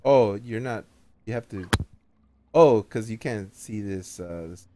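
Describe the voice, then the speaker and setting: A man narrating as game master of an online tabletop game, talking casually and haltingly with many fillers. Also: on the low side, noisy background.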